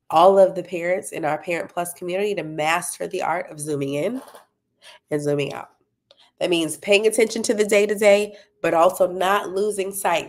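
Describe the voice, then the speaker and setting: A woman's voice: on the low side, vocal fry. A woman running a parenting talk, encouraging and checking in with her listeners as she promotes her tutoring company. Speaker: parenting coach and tutoring business owner.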